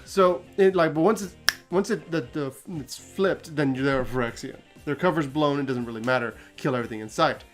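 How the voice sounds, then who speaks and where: A man's voice: fairly high pitch, fairly quick, faint music behind. A man hosting a casual story recap, talking animatedly, laughing often and acting out quotes. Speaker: host.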